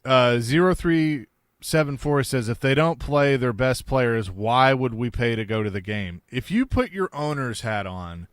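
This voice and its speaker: A man hosting sports talk radio, reading listener texts and giving brisk opinions. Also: medium pitch, expressive, clear, resonant tone, dry recording, studio quality.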